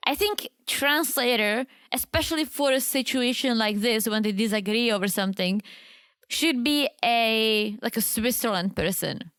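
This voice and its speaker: A woman's voice: fairly high pitch, moderate pace, fairly bright tone, smooth, no echo. A woman co-hosting a podcast, chatting casually and sarcastically while recapping a reality show. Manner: sarcastic, laughs often. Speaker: podcast co-host.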